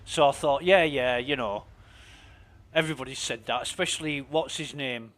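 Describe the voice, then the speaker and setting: A man's voice: medium pitch, normal speed, fairly bright tone. A man ranting casually and with lots of profanity while he plays a game and talks to his stream. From Britain. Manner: profane, indignant, rambling.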